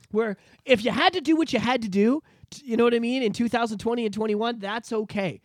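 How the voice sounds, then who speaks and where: A man's voice: very high-pitched, quick pace, few pauses, dry recording, clean studio sound. A young adult man from Canada, hosting a podcast and ranting in casual, profane political chat with lots of repetition. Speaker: podcast host.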